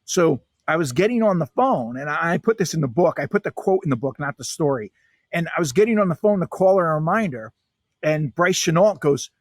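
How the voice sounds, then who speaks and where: A man's voice: sits high, lively intonation, brisk, dry recording. A man, a guest author in a podcast interview, talking in an emphatic, punchy storytelling way.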